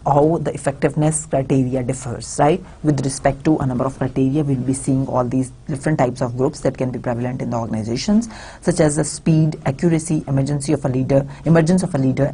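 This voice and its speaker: A woman's voice: a bass voice, creaky, warm tone, husky. A woman with a Pakistani English accent giving a recorded university lecture, talking hesitantly with many fillers and restarts.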